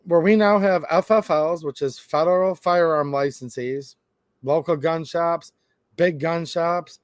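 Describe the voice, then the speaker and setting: A man's voice: a little high, unhurried, smooth, no echo. A man hosting a gun rights channel, talking to camera in a rambling, emphatic, conversational way. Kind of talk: casual monologue to camera.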